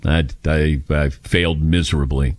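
A man's voice: very deep voice, fairly even intonation, unhurried, no room sound. A man in his fifties hosting a radio talk show, chatting and telling stories about himself in a casual, self-deprecating way into a studio microphone.

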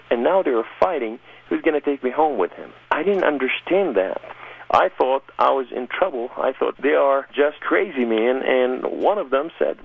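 Heard through a thin phone-style connection, a radio interview guest sincerely recounts his life as personal testimony. His mid-range voice is gravelly and husky, expressive, and moves at a moderate pace.

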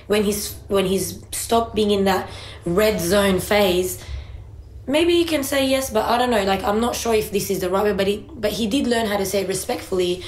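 A woman's voice: medium pitch, normal speed. A woman and mother chatting casually about parenting, telling a family story and quoting her child and herself. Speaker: parent co-host. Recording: echoey room with faint ambience.

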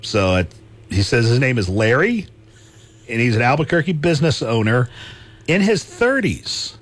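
A man's voice: medium pitch, big pitch swings, moderate pace, no echo. A man hosting a talk radio show, chatting casually, laughing easily and repeating himself.

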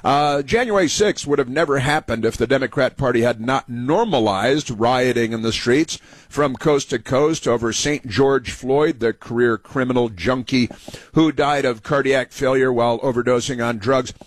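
A man's voice: medium pitch, moderate pace, no echo. A man hosting a political talk radio show, rambling with many fillers and restarts.

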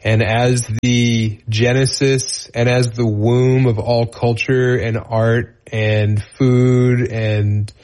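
A man, a stand-up comedian, telling a rambling story on a podcast and acting out the voices of the people in it. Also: medium pitch. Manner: rambling, animated, acts out voices in anecdotes. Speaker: comedian guest. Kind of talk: casual storytelling.

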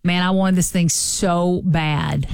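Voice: medium pitch, fairly even intonation, takes it slowly, gravelly, clean tone, dry recording, clean studio sound. A radio co-host chatting easygoing on a morning show. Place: radio studio.

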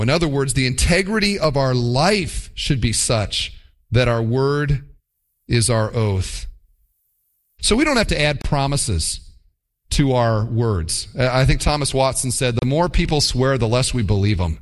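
A man preaching a sermon as pastor, animated and mock-quoting with playful asides. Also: mid-range voice, a little slow.

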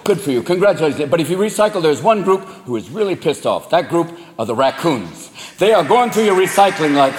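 A man doing crude, animated stand-up comedy on a live stage. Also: on the high side, brisk, few pauses, background noise. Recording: live hall echo, loud crowd.

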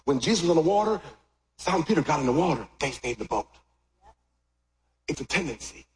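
A middle-aged man preaching a sermon, swinging from loud shouts to quiet asides. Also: fast talker. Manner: animated, jumps from loud shouts to low asides. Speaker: pastor. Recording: echoey hall with long reverb.

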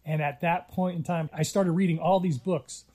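A man's voice: a little high, fairly even intonation, moderate pace, mellow. A middle-aged man speaking earnestly in an interview, telling a story with many small restarts. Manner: earnest, reflective, with frequent restarts. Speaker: interviewee, Native filmmaker.

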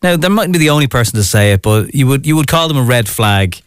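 A man's voice: medium pitch, lively intonation, quick pace, smooth, no echo, clean studio sound. A man presenting a radio show, announcing the station and upcoming hosts in chatty patter.

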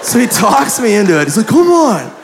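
A man doing stand-up, telling a story in an animated, profane way and acting out the people in it, on a club mic. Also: high voice, fast talker, creaky. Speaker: stand-up comedian. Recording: live club mic with a noisy crowd.

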